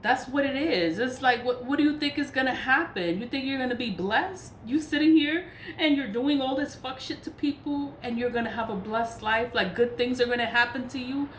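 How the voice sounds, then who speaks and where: A woman's voice: high voice, moderate pace, hardly any pauses. A woman spiritual practitioner in a casual vlog rant, blunt and profane, laughing between points. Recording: echoey room with faint noise.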